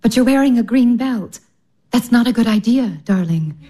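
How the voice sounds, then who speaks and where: Motherly big sister, bossy-kind, high lively voice. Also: normal speed. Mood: frank. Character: motherly older sister, kind but blunt.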